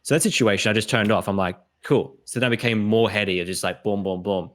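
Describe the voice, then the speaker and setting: Quick-paced and lowish in pitch, this Australian man hosts a relaxed podcast chat. His storytelling is lively, and he performs the quoted voices of the characters he describes.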